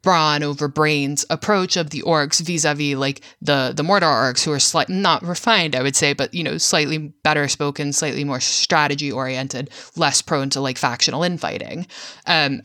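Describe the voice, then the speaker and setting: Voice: medium pitch, bright, forceful tone, no room sound, studio quality. A podcast host delivering a solo film-analysis monologue, hesitant with many filler sounds and frank, casual swearing.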